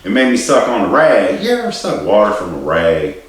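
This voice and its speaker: A man telling a personal story in a rambling, halting way, swearing and laughing at himself. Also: lowish voice, huge pitch swings. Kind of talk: casual storytelling. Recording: distant mic in a very echoey room.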